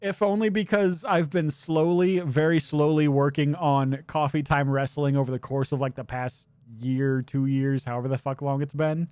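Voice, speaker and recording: A man's voice: fairly high pitch, steady tone, normal speed, few pauses, darkish tone, clean tone, dry recording. Casual male streamer, rambling and jokey, a dry, close sound. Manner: rambling, joking, swears casually. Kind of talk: casual gaming commentary.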